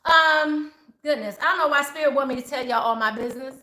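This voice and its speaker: A woman's voice: high voice, brisk. A middle-aged woman, a spiritual advisor, talking casually and animatedly to her viewers and acting out what people say. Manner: animated, acts out quoted voices. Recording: roomy echo.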